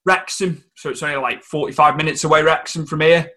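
A man hosting a podcast, chatting in a relaxed way and swapping memories as a fan. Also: on the high side, fairly quick. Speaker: podcast host. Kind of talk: casual chat.

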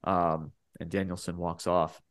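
Low-voiced excitable podcast host man. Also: moderate pace. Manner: animated, rambling, pitch jumps when worked up. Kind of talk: casual wrestling podcast chat.

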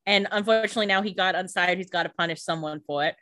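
A woman's voice: on the low side, a bit bright, no room sound. Chatty woman co-host, dry sound. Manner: chimes in with quick agreeing comments and jokes. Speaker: podcast co-host. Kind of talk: casual TV episode recap.

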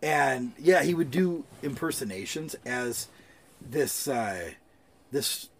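A man's voice: mid-range voice, animated, takes it slowly, breathy edge. A man co-hosting a podcast, telling loose, jokey stories in casual chat and swearing freely. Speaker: podcast co-host.

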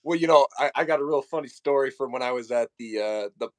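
A man's voice: mid-range voice, quick pace, no echo. A young adult man, a podcast guest, telling stories in a casual, easygoing way. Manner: lively, easy storyteller with fillers. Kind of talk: casual chat.

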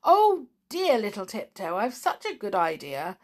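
A woman's voice: medium pitch, wildly swooping pitch, unhurried. A woman voicing Mister To and Fro, a kindly wobbling wooden toy man who talks in a fussy, earnest way. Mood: pleased.

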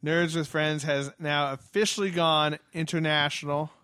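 A man's voice: on the high side, level tone, moderate pace, sharp tone, clean tone, no room sound, studio quality. A man co-hosting a podcast from home, chatting casually, laughing often and swearing freely. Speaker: podcast co-host. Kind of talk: casual chat. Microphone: headphones and studio mic.

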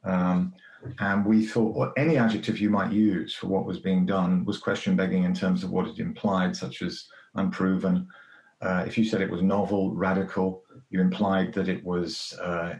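A man with a fairly low voice answers in a measured, careful way, often repeating words as he gathers his thoughts. The room around him is echoey. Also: little pitch movement, a little mellow. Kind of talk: panel discussion answer.

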